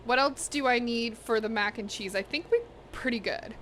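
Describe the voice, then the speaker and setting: Young woman streaming from her kitchen, bright, slightly high voice, chatty, soft hum of the room behind. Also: moderate pace. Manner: chatty, talks to chat and to her pets. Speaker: cooking streamer. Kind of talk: casual livestream chat while cooking. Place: home kitchen.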